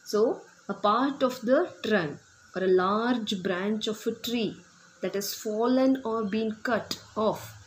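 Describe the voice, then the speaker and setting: Woman, primary teacher, very slow and patient, faint hiss in the background. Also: a little high, rough recording. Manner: patient, repeats words and asks children simple questions. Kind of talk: slow classroom explanation to young children.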